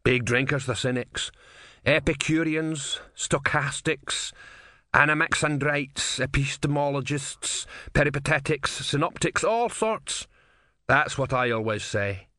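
A man's voice: fairly high pitch, expressive, a little slow, bright, forceful tone, no room sound, pitched above the performer's own voice. Guy doing a chatty easygoing barman, homely, audiobook, dry sound.

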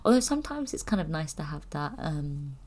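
A woman's voice: low voice, big pitch swings, a little fast, darkish tone. A young woman chatting candidly to camera, rambling and giggling as she talks. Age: young adult. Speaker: vlogger. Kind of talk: casual chat.

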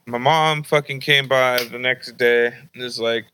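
A young man with a bright, forceful voice tells a story from his youth on a podcast. He talks casually and jumps into animated, high squeaky impressions of the women in his family. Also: moderate pace, hardly any pauses, clear, resonant tone, poor audio. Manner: animated, acts out high-pitched voices of his mom and grandma. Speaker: podcast host.

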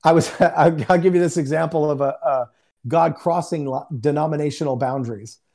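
A man, a guest minister on a video call, telling a testimony in a lively, joking way and acting out the quotes. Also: on the high side, a little fast, creaky. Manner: animated, joking, acts out quotes. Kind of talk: casual storytelling testimony. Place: home in Houston. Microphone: remote video call.

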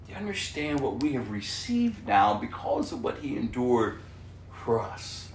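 A pastor preaching an impassioned, emphatic sermon, dropping to a hush and then rising to loud. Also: male voice, medium pitch, very animated, measured pace, creaky, echoey room, far from the mic, a little hiss or hum.

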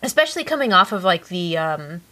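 A woman co-hosting a podcast in casual chat, chatty and quick to jump in and finish the other host's sentences. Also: lowish voice, very animated, pushed and bright. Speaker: podcast co-host. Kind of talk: casual chat reviewing a TV series.

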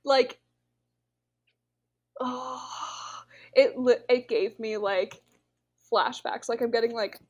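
A young woman co-hosting a podcast, retelling events in a casual, animated way with many fillers. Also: on the high side, slow, pauses often, highs cut off. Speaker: podcast co-host. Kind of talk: casual chat.

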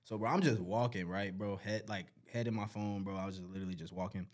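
A man's voice: on the low side, fast talker. Laid-back slangy male podcast co-host. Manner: laid-back slangy storytelling, animated when acting out quotes. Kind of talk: casual podcast chat.

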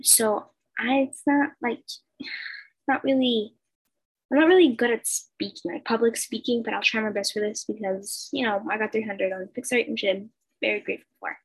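Brief: teen girl, breathy and fairly high, hesitant casual reader of fan fiction, laptop mic at home. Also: moderate pace, rough recording. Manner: hesitant, stumbling, many fillers. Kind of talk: casual reading of a fan story. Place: bedroom at home. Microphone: laptop over a video call.

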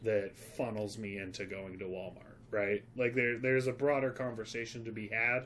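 A man's voice: fairly low pitch, flat delivery, moderate pace, fairly bright tone, a little hiss or hum. A man co-hosting a casual film podcast, talking in an earnest, rambling, opinionated way. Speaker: podcast co-host.

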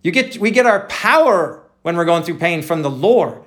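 A man's voice: on the high side, big pitch swings, normal speed, a bit bright. A pastor preaching a conversational sermon, talking to his listeners directly and calling them folks.

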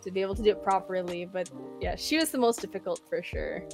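A young woman chatting as a guest, telling stories in a lively, talkative way and slipping into character voices. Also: mid-range voice, quick pace, creaky, music in the background. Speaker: guest content creator. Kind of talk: casual interview chat.

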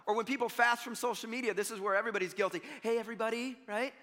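A man's voice: high-pitched, racing. A man preaching a sermon as pastor, talking conversationally to his congregation and acting out what people say. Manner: conversational, animated, acts out mock voices. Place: church sanctuary. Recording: long reverb of a church hall.

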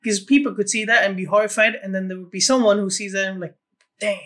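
A co-host on a casual film podcast with a bright, forceful tone. The talk is halting and repetitive, with frequent restarts and easy laughter between thoughts. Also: mid-range voice, steady tone. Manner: halting, repeats words, laughs easily.

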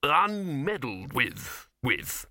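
A man playing a pompous older wizard who blusters in a drawn-out way. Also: mid-range voice, big pitch swings, creaky, sharp tone, no room sound, clean studio sound, heavily acted. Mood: blustering.

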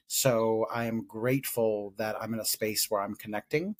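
A man's voice: on the low side, fairly even intonation, normal speed. A man co-hosting a podcast in casual chat, reflective and given to playful teasing. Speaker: podcast co-host.

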